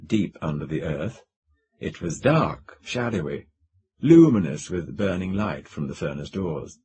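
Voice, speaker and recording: A man reading a science fiction story aloud as an audiobook narrator, with a dramatic, expressive delivery. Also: deep voice. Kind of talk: scripted narration.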